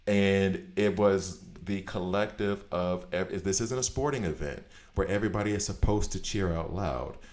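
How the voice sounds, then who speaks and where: A man streaming a game, chatting casually and telling rambling, animated stories. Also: deep voice, normal speed, hardly any pauses. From United States. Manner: animated storyteller, rambling tangents. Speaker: gaming streamer. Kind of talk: casual chat while gaming. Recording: echoey room.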